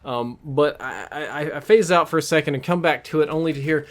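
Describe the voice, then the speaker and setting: A man vlogging, telling a story in a casual, amused and animated way. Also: fairly high pitch, a little fast, hardly any pauses. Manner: animated, amused, self-mocking.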